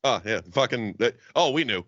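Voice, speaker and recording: In a dry, muffled recording, a Southern US man with an animated, medium-pitched and fairly bright voice talks at a moderate pace. As a podcast co-host, he keeps the chat casual and comedic, profane, joking and laughing frequently.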